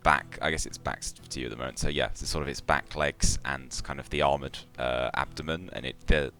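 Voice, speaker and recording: A man's voice: very deep voice, steady tone, a little fast, pushed and bright, soft background music. A man narrating a tabletop game as game master, hesitant, with many fillers and restarts.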